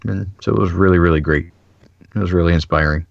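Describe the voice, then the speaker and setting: Male podcast host, animated chatty storyteller, deep voice, dry sound. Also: fast, creaky, no echo, lo-fi sound. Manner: animated storyteller, many "like" fillers, acts out quotes. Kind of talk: casual chat.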